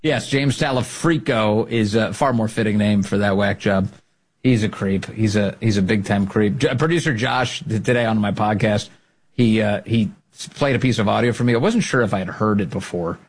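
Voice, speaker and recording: A man hosting a podcast, giving casual, mocking commentary and jumping up high in pitch for emphasis. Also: normal speed, breathy edge. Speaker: podcast host.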